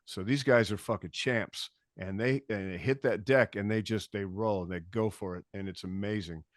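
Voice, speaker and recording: A man telling a story as a podcast guest in casual chat, animated, acting out quotes and swearing freely. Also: lowish voice, normal speed, no room sound, studio quality. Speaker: podcast guest, bass tech.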